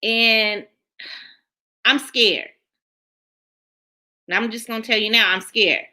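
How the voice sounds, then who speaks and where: A woman, hosting a casual livestream, reading viewers' comments aloud and chatting in a lively way, repeating herself often. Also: a little high, takes it slowly, long pauses. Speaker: channel host reading live chat.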